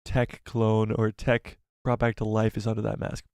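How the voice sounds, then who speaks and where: A man's voice: on the low side, completely flat delivery, moderate pace, darkish tone, clear, resonant tone, dry recording, studio quality. Chatty man hosting a live stream. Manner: chatty, jokey, thinks aloud with restarts. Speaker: live stream host reading viewer chat. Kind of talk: casual live stream chat.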